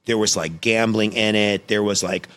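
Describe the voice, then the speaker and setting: A man's voice: on the low side, fairly even intonation, moderate pace, a bit bright. A man, a filmmaker guest on a podcast, telling a personal story in a casual, rambling, profane way.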